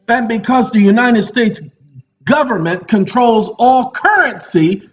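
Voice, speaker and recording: A man giving a lecture monologue in a preachy, confrontational manner with teasing asides. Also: high-pitched. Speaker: online lecturer. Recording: muffled audio with faint music.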